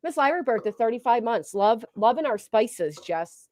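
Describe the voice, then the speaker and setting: A woman's voice: on the high side, sing-song, moderate pace, darkish tone. A woman giving casual reaction commentary on a stream, mocking and sarcastic, swearing freely.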